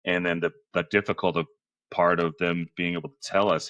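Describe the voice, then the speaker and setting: A man's voice: deep voice, flat delivery, moderate pace, a bit bright, dry recording, lo-fi sound. A man talking as a podcast guest who leads men's groups, earnest and loose, full of "you know" fillers. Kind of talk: casual interview chat.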